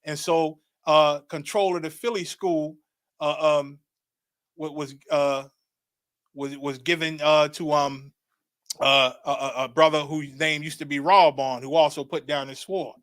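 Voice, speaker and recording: A middle-aged man recounting a religious vision as a testimony, dramatic and repetitive, building to excited shouts. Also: a little high, unhurried, no room sound, clean studio sound. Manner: dramatic, repeats phrases, rising to excited shouts. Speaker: religious teacher. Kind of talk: testimony storytelling.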